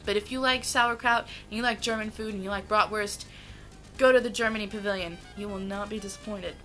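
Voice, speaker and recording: A woman's voice: mid-range voice, bright, forceful tone, soft background music, poor audio. A young American woman gushing about her favorite foods in a casual vlog, stretching out her words. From United States. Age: young adult. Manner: gushing, enthusiastic, drawn-out words. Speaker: vlogger.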